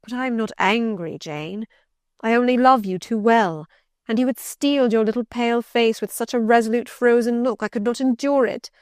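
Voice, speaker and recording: A woman reading an audiobook, voicing a passionate, brooding middle-aged gentleman who pleads and commands urgently. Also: on the high side, moderate pace, smooth, dry recording, studio quality, natural voice. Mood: bitter pleading.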